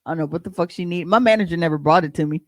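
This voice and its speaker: A podcast co-host telling stories in a casual, profane and animated way, often breaking into laughs. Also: medium pitch, racing, no echo. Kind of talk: casual storytelling chat.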